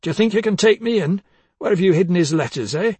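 A man reading the part of a bitter, jealous older husband, accusing and husky, dropping to hushed tones and rising to harsh outbursts. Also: sits high, lively intonation, fast talker, no echo, voice pushed up, heavily acted. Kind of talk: dramatic audiobook reading.

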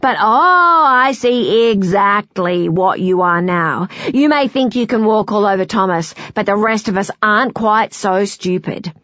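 A woman voicing an angry, loud woman scolding a friend down the phone in an audiobook. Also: mid-range voice, animated, moderate pace, dry recording, muffled recording, lightly acted. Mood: indignant. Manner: loud, scornful, accusing.

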